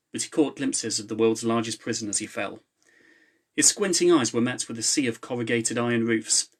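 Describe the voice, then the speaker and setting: A man reads his own novel aloud on a live stream from home, with a mid-pitched voice. Between passages he chats in a relaxed way with fillers before going back to steady narration. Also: slightly rough. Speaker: author reading his novel. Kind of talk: live reading to online viewers. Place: home, with a laptop.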